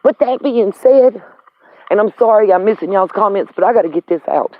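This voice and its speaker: A woman's voice: medium pitch, expressive, a little fast. A woman hosting a live stream, ranting angrily with heated, profane slang while on the road. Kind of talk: angry live stream rant. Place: in a vehicle on the road. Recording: tinny phone-like audio.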